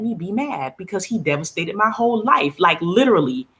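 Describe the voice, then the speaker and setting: A middle-aged American woman vlogs casually, venting bluntly as she tours her small apartment on a phone camera she holds herself. She is animated and laughs often, speaking in a mid-range voice a little fast.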